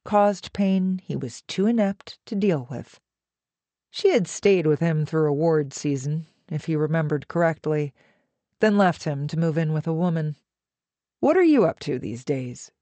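A woman narrating an audiobook with an even, measured reading. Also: deep voice, dry recording.

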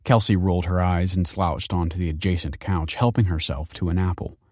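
Low-voiced man narrating a story. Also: fairly even intonation, brisk, a little mellow, dry recording, clean studio sound. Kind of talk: story reading.

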